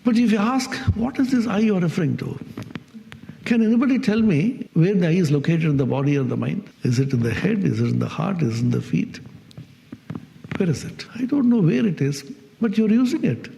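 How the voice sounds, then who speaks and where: Man, spiritual teacher, lively swooping pitch, mellow tone, asks the audience questions. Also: brisk, vocal fry, long reverb tail, slight background noise. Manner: questions the audience, acts out everyday speech. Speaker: swami teaching Vedanta.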